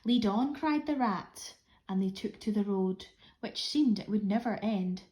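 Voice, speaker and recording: A Scottish woman, a primary school teacher, reading a rhyming storybook aloud with a lively rhythm. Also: mid-range voice, a little slow. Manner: expressive rhythmic read-aloud.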